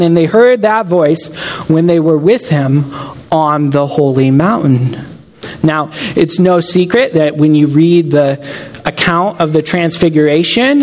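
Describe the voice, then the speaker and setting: A man's voice: a little high, in a large hall. A man preaching a sermon, earnest and emphatic, making direct appeals to his listeners.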